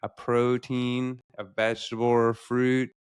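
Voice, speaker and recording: A man's voice: medium pitch, completely flat delivery, a little slow, smooth. A young adult man, a doctor co-hosting a podcast, talking in an earnest, reflective, emotional way. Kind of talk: casual podcast chat.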